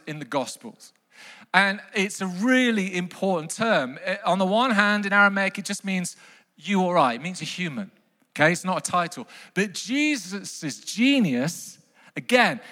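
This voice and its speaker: Male preacher with a high, lively voice, emphatic and repetitive, booming in a long-reverb church hall. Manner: emphatic, repeats key phrases, asks the congregation questions. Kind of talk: sermon.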